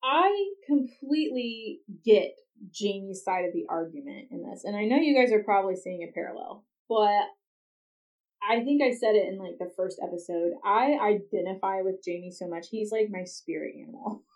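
A woman's voice: medium pitch, expressive, moderate pace, darkish tone. A woman hosting a podcast, recapping a TV episode in casual chat with chatty, exasperated asides. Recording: dull, slightly distant lo-fi recording.

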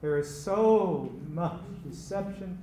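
Slow-preaching man, echoey church. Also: high-pitched, animated, dark tone, slight background noise. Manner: slow, emphatic preaching with repeated phrases. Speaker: pastor. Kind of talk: sermon. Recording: echoey room with faint ambience.

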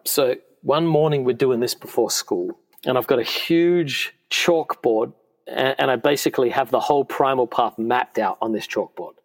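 An earnest man in his forties speaks as a podcast guest, sharing personal stories with heartfelt sincerity. His voice sits at an ordinary middle pitch, and his phrases often stop and start again mid-thought. He sounds conversational rather than scripted. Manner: earnest and heartfelt, with frequent restarts. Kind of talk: conversational storytelling. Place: podcast studio.

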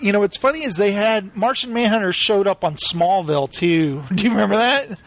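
A man hosting a casual podcast, telling animated stories and slipping into quick voice impressions. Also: high-pitched. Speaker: podcast host.

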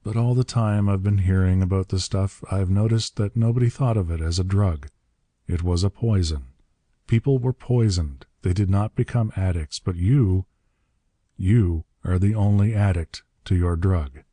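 A man voicing a calm, commanding hero who speaks quietly and deliberately in a story reading. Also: low voice, dry recording. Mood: cool.

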